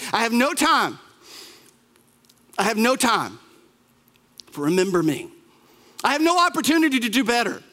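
Preacher playing a condemned thief on a cross: high, bright voice, urgent pleading, big reverberant hall. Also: male voice, heavily acted. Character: desperate dying man, a condemned thief.

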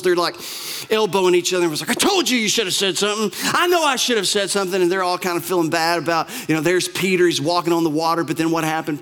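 A man with a notably high voice delivers a sermon. He tells scripture stories with animated, conversational asides, acting out quoted lines as he goes. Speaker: pastor.

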